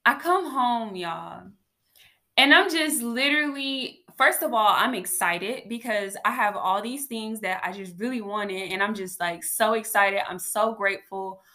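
Bright-voiced woman chatting with viewers. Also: mid-range voice, measured pace. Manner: animated, chatty, addresses viewers as y'all. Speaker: faith vlogger. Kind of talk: casual testimony to viewers.

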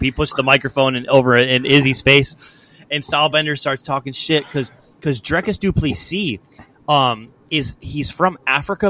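A young man hosting a podcast, chatting casually about fights in a loose, profane, animated way. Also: mid-range voice. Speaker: podcast host. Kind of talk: casual sports chat.

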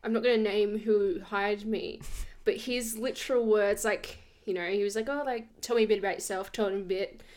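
A woman's voice: mid-range voice, moderate pace. A young woman, telling stories in a casual chat and laughing often. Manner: animated storyteller, laughs often.

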